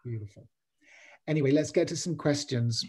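A man hosting a bookshop author event over a video call, speaking haltingly and restarting his sentences. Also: fairly high pitch, slightly rough. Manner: halting, many restarts and fillers.

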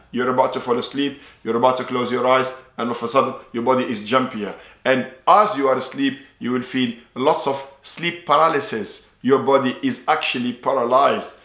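A man's voice: medium pitch, a bit bright, reverberant. A man speaking as a ruqya practitioner, explaining at length in an earnest, repetitive way, often adding religious phrases. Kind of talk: instructional talk.

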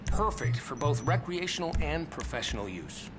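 An actor playing a calm gun shop clerk giving a polite sales pitch, with music behind him. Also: male voice, moderate pace.

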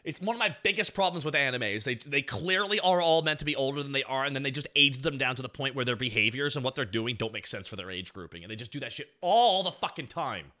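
A man's voice: medium pitch, expressive, fast talker, hardly any pauses, pushed and bright. A man in his thirties doing casual stream commentary on his old series, rambling and swearing freely.

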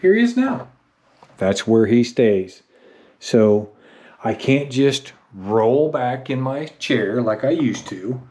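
Man, middle-aged, casual home vlog, self-mocking storyteller, mid pitch. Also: slow pace. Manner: chatty, self-mocking, rises into excited baby-talk with the dog. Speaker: vlogger. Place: home office.

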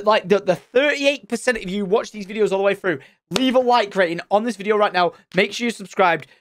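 A man commentating his Minecraft let's play, excitable and loud at surprises. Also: high-pitched, no echo. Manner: excitable, shouts and squeals at surprises. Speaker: gaming channel host.

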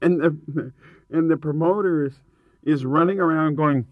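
A man, a touring rock singer, telling tour stories in a casual interview, animated and emphatic, laughing often. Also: on the high side, a little slow, dry recording, phone-quality sound.

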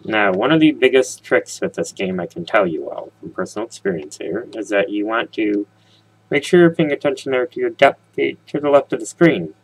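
A man with a deep, slightly husky voice gives casual gameplay commentary. He rambles from topic to topic, tossing jokes and questions at his viewers. His talk is loose and chatty. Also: expressive, fairly quick, poor audio. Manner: rambling, jokey, talks straight to viewers. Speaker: let's play host.

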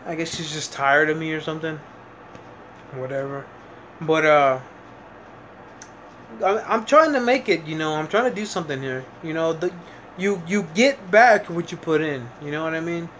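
A man's voice: fairly high pitch, lively intonation, normal speed, pauses often, sharp tone, a little hiss or hum. Rambling, frustrated young man vlogging. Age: young adult. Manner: rambling, frustrated, with many fillers and restarts. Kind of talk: casual vlog monologue.

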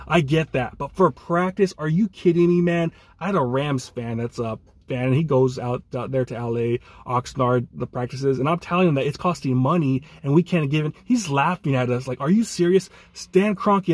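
A man's voice: on the high side, a little mellow, slightly rough, no room sound. A man co-hosting a fan podcast, ranting angrily and ending phrases with "man". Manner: angry ranting, repeats "man". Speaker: podcast co-host.

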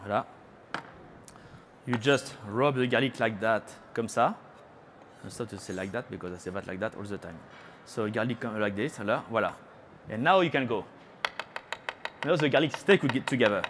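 French-accented chef, chatty live demo. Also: male voice, fairly low pitch, normal speed, long pauses, fairly bright tone, a little hiss or hum. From France. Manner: chatty, teasing the audience, sprinkles French phrases. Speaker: chef giving a cooking demo. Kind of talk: live cooking demonstration. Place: trade show cooking stage.

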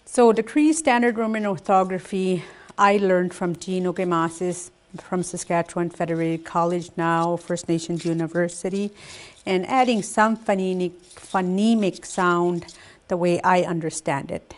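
An older woman teaching a language lesson, speaking slowly and carefully, saying each word twice before she explains it. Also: lowish voice, steady tone. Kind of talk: slow spoken language lesson.

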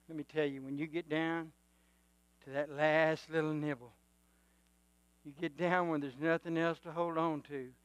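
A male preacher delivering a sermon, swinging from quiet musing to loud exhortation and calling for amens. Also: a little high, steady tone, moderate pace, long pauses, smooth, no room sound.

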